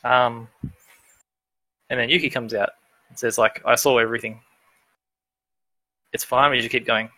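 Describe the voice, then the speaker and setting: A man's voice: mid-range voice, fairly even intonation, normal speed, pauses often, bright, forceful tone, dry recording. A man narrating as game master of a tabletop role-playing game, hesitant and full of fillers and restarts.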